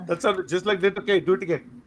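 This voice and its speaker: A man's voice: high-pitched, fairly even intonation, fast. A man bantering as a co-host in a casual show, joking and teasing his friends. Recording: loud crowd noise behind.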